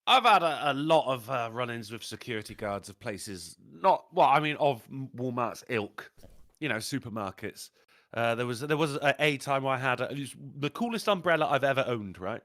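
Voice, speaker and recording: A British man co-hosts a podcast, swapping mischievous anecdotes in casual chat and swearing freely as an animated, profane storyteller. His voice is mid-range and moderately paced, recorded in a clean studio with no echo.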